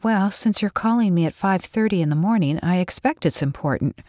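A woman voicing a sleepy, tongue-tied young nurse with a voice raspy from sleep. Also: medium pitch, big pitch swings, unhurried, darkish tone, no echo, clean studio sound, pitched above the performer's own voice. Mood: retorting. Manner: grumbling, nervous.

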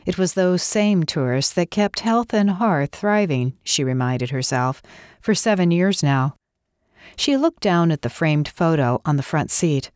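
A woman narrating a novel in a measured, expressive storytelling voice. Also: deep voice, dry recording, studio quality. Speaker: audiobook narrator. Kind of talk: scripted narration.

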